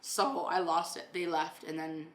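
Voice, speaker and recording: A woman who hosts a podcast and owns a renovation company tells stories bluntly, swearing heavily in casual podcast chat. Her voice is low-pitched and fairly even, a little slow, with a roomy sound.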